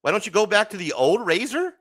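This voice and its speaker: A man's voice: high voice, very animated, a little fast, a bit bright. A man hosting a casual late-night livestream, chatty and joking, often laughing and swearing. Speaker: livestream host.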